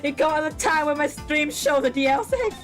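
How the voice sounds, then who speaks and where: A woman's voice: high voice, animated, a little fast, soft background music. A young woman streaming a game, making giggly, playful asides. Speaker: VTuber streamer.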